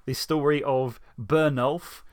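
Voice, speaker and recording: Chatty podcast host with a dry close mic. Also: male voice, fairly high pitch, fairly even intonation, slow, dry recording. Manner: chatty, laughs easily, self-deprecating. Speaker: podcast host and story reader. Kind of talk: casual chat and story narration.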